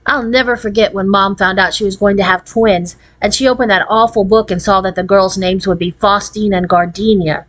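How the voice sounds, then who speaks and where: A woman's voice: mid-range voice, fairly even intonation, brisk, few pauses, dry recording, natural voice, poor audio. A woman reading a storybook aloud, voicing a sensible older sister in a plain, matter-of-fact tone close to her own voice. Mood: wry. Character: oldest sister Abby, sensible.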